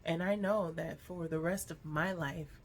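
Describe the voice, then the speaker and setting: A woman speaks slowly and earnestly to camera in a personal vlog, her voice sitting a little low. She sounds reflective and gently encouraging. Faint background noise sits under her voice. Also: steady tone. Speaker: vlogger. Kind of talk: heartfelt personal vlog talk.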